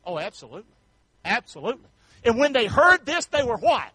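High-voiced preacher man. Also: sing-song, fairly quick, slightly rough, no room sound, poor audio. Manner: preachy call-and-response, rising to shouts. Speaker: pastor. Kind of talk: sermon.

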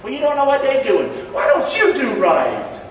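A man preaching a sermon in a church, folksy and joking, calling on the congregation to answer and slowing down hard on the words he stresses. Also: extremely high pitch, wildly swooping pitch, a little hiss or hum. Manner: emphatic, slows down to stress key words. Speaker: pastor. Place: church sanctuary. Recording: echoey hall, distant dull mic.

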